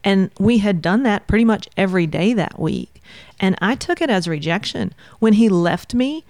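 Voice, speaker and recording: A woman, a counselor and podcast guest, telling a story in an animated way and acting out her own thoughts. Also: medium pitch, normal speed, no echo. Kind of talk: casual storytelling in conversation.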